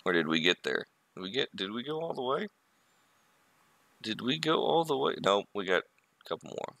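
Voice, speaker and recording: A man's voice: lowish voice, sing-song, moderate pace, creaky, fairly bright tone, no echo. A man hosting a livestream, giving casual running commentary on his work on a 3D model and muttering to himself with joking asides, indoors at a computer. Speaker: livestream host.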